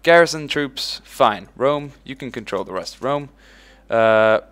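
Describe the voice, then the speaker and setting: Excitable man narrating a strategy game. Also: takes it slowly, clean tone. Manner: excitable, swears casually, shouts "boom" when giving orders; talks to in-game units as if they were his troops. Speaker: let's play host. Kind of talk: casual gameplay commentary.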